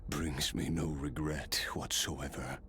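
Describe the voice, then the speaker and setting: An actor voicing a solemn male being in a game, speaking slowly and gravely, heard as game audio under a livestream. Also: extremely low pitch, fairly even intonation, bright, forceful tone, exaggerated voice. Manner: slow, solemn, measured.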